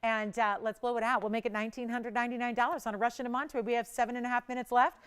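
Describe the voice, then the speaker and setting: A woman hosting a live jewelry auction on a shopping channel, talking in bubbly, fast sales patter and a bit out of breath. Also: fairly high pitch, steady tone, fairly bright tone, clear, resonant tone.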